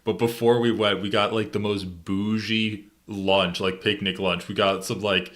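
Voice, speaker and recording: Brief: man with a lowish voice, storyteller co-host, casual banter over a home mic. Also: measured pace. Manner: animated storyteller, laughs through his anecdotes. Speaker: podcast co-host.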